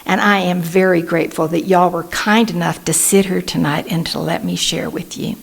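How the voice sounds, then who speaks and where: An older woman with a Texan drawl and a low, gravelly voice tells stories from her life to a meeting room. She speaks in a homespun, storytelling way and livens up whenever she quotes someone. Her voice sits on the low side, with a rough edge of vocal fry. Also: normal speed. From Texas. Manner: warm storytelling, animated when quoting others. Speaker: Al-Anon speaker. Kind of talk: personal recovery talk.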